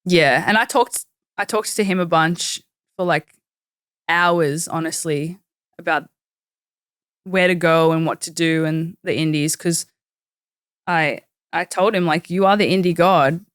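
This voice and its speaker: A young woman with an Australian accent talks casually in an interview, her sentences full of "like" fillers. Her voice sits a little low. The sound is dry and close, with no room echo. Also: fairly even intonation, unhurried, long pauses, clear, resonant tone. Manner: chatty, uses many "like" fillers. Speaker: professional wrestler, guest. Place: studio.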